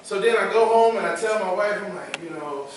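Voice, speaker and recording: High bright preaching man in echoey hall. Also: fairly even intonation, fairly quick, noisy background. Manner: builds from quiet storytelling to shouted preaching; conversational, repeats phrases for emphasis. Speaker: youth service speaker. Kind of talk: testimony sermon. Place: large church hall. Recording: echoey church hall from far off.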